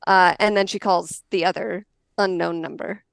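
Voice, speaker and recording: A woman's voice: lowish voice, steady tone, normal speed, vocal fry, clean tone, no echo. A woman playing a tabletop game, chatty and playful as she talks through her moves. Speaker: player.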